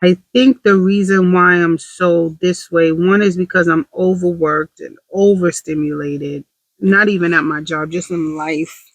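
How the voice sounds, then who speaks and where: A woman's voice: on the low side, steady tone, measured pace, no echo, poor audio. A woman talking candidly to camera in a casual confessional vlog, rambling with self-deprecating humor. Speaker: vlogger.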